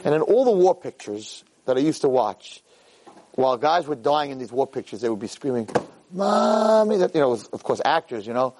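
A man in his fifties giving an animated Jewish ethics talk as a rabbi lecturer, repeating phrases for emphasis and dropping Hebrew and Yiddish terms. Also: a little fast, a little hiss or hum, poor audio. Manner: animated, swings from low asides to high shouted quotes.

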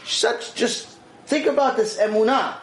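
A man teaching a religious class, telling a story with lively delivery and acting out its dialogue. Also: extremely high pitch, measured pace. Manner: animated, acts out dialogue in quoted voices. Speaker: Torah teacher. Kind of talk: storytelling lecture. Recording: roomy echo.

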